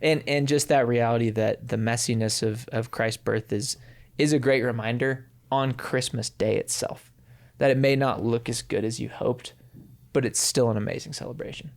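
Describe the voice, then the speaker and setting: A man's voice: medium pitch, fairly even intonation, normal speed, creaky. Man telling a family anecdote. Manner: warm anecdotal telling, acts out quotes. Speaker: podcast co-host. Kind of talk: casual storytelling.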